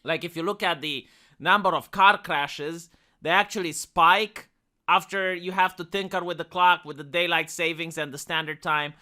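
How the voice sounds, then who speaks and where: A man's voice: a little high, steady tone, moderate pace, pushed and bright. A man from Romania with a Romanian accent, giving exasperated reaction commentary as a streamer, swearing and repeating himself for emphasis into a desk microphone.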